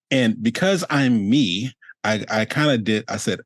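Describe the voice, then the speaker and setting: A man hosting a relaxed, rambling interview over a video call, with plenty of fillers. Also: fairly low pitch, moderate pace, no echo. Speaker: host. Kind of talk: casual interview chat.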